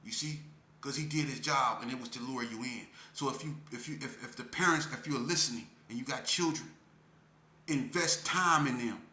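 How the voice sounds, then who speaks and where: A medium-pitched man with a bright, forceful tone talks at a moderate pace. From Las Vegas and speaking in its street style, he tells his story to parents with earnest emotion, repeating phrases for emphasis, in an echoey room with faint ambience.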